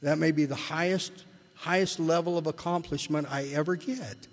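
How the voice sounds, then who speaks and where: An older man shares his recovery story at a meeting, rambling and restarting his sentences as he goes. His voice sits a touch high for a man. It rings with the long reverb of a large hall. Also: fairly even intonation, normal speed. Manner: rambling storyteller, repeats and restarts, rises when retelling. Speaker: AA speaker sharing his story.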